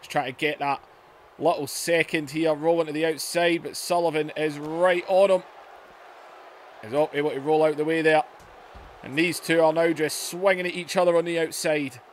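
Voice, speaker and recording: A man giving play-by-play wrestling commentary over a video game, excitable, dropping to low muttering and then shouting at the big moves. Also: moderate pace, slight background noise. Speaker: gaming YouTuber.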